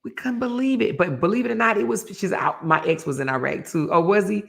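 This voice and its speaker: A middle-aged woman, hosting a casual live stream and telling a story, acting out quoted voices with sudden high jumps. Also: brisk, vocal fry. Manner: animated storyteller, acts out quoted voices with big pitch jumps. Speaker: host of a live relationship talk show.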